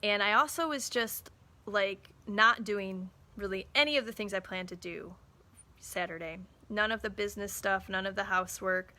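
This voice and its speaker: Woman, 30s, chatty storyteller, bright tone, casual live talk. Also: medium pitch, normal speed. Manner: chatty storytelling, acts out quoted dialogue. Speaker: small business owner and mother.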